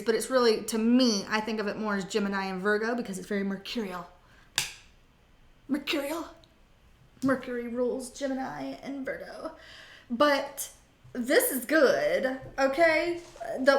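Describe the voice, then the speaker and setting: A woman with a slightly high voice gives a casual tarot reading. She is blunt and sassy and swears playfully. Her voice carries a roomy echo. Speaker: tarot reader.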